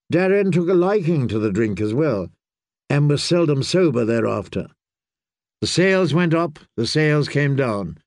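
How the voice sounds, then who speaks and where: Guy reading a fantasy audiobook, steady measured voice, dry close sound. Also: medium pitch, dry recording. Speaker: audiobook reader.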